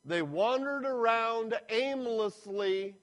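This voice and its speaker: A man preaching a sermon as a retold story, with dramatic, drawn-out emphasis. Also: extremely high pitch, fairly bright tone.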